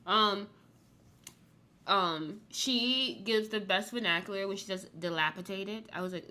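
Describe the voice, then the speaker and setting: Chatty woman host, bright tone, rambling loose recap talk. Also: medium pitch, a little slow. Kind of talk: casual chat review.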